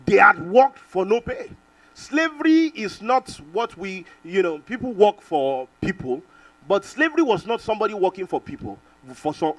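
A middle-aged man from Nigeria preaching a sermon, telling a personal testimony with animated storytelling and calls for amen. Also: high-pitched, dry recording, recorded from a distance, poor audio. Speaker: pastor.

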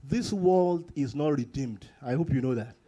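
A man preaching a sermon to his congregation, repeating phrases for emphasis and jumping into sudden high bursts and chuckles. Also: expressive, normal speed, mellow, lo-fi sound. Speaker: pastor.

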